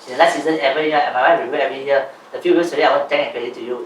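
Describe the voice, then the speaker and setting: Animated guy coaching a group, faint room hum behind, kinda distant. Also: mid-range voice, racing. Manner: animated, reads aloud from his journal. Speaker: business coach. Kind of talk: talk to a small group. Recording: roomy, voice from a distance, faint ambience.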